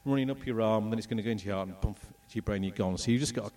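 A middle-aged man from England telling a personal testimony with slides, in an animated storytelling manner. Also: fairly low pitch, very fast, far from the mic. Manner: animated storytelling, acts out voices and moments. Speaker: speaker telling his testimony.

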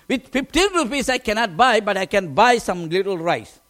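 A pastor telling a personal testimony in a sermon, emotional and animated, often restarting his words. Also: sits high, normal speed.

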